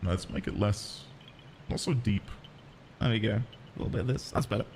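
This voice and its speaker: A man commentating live as he plays a video game, excitable and joking with his chat. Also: fairly low pitch, normal speed, a little hiss or hum. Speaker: streamer. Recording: game music behind.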